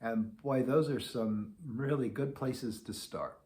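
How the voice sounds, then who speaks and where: A man's voice: mid-range voice, slow, mellow. A middle-aged man giving a patient beginner trombone lesson, sounding out articulation syllables. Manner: patient, demonstrates syllables aloud. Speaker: trombone teacher. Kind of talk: instructional lesson.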